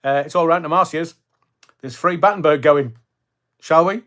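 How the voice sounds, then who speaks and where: Older guy chatting on his stream, bit high voiced, jokes around, rambles on with lots of ums. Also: normal speed, a bit bright. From Scotland. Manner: chatty, jokey, rambling with many fillers. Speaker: livestream host reading viewer comments. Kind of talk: casual chat.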